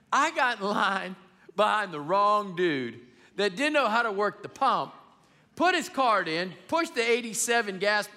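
High-voiced, lively pastor preaching in a hall. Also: male voice. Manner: storytelling with humor, animated and emphatic. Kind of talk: sermon. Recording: long reverb of a large hall.

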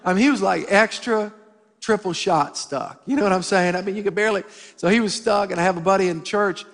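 A middle-aged male pastor preaching in a church sanctuary, full of humor and animated storytelling. His voice sits high for a man, and it rings with a long reverb through the hall. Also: fairly quick. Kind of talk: sermon with storytelling.

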